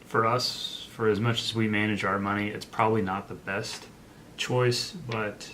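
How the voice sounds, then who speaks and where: A young man with a very deep voice, chatting in a relaxed way about money and dropping the odd joke. A faint hum of background noise runs under his voice. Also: a little slow. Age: young adult. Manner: laid-back, joking asides. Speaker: co-host. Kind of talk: casual chat.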